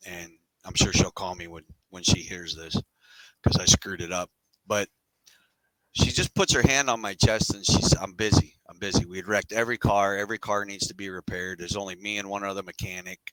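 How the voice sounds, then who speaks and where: Low-voiced middle-aged man, candid storyteller. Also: steady tone, normal speed, fairly bright tone, no echo, rough recording. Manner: candid, rambling, casual slang. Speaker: podcast guest. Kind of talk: casual storytelling interview.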